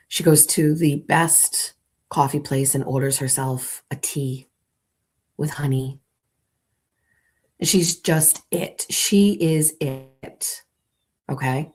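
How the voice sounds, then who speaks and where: A woman's voice: deep voice, a little mellow. A woman hosting a morning show, playfully walking her audience through an imagined scene in a theatrical storytelling manner. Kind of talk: comic storytelling to a live audience.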